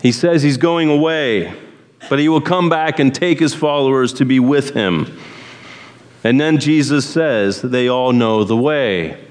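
A man preaching a sermon at a very slow, deliberate pace, leaning hard on key words. His voice sits in a middle pitch, and a long reverb from a large hall follows each phrase. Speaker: pastor.

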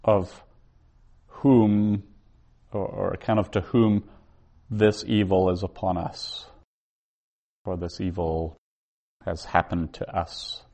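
A man teaching a Bible Hebrew class, explaining slowly, word by word. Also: low-pitched, a little mellow. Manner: slow, deliberate, word-by-word explaining. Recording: dull lo-fi recording.

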